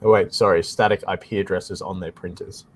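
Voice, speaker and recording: A man with an Australian accent co-hosts a live tech question stream, talking in a casual, explanatory way. His voice sits low, and he keeps circling back with "like I said". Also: steady tone, brisk, a little mellow. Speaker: tech support co-host.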